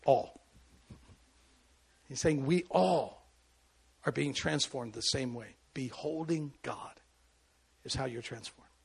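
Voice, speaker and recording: Male pastor, sermon delivery, raspy and husky, emotional storyteller. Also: medium pitch, slow, pauses often. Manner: emotional storytelling with sudden loud bursts and quiet asides.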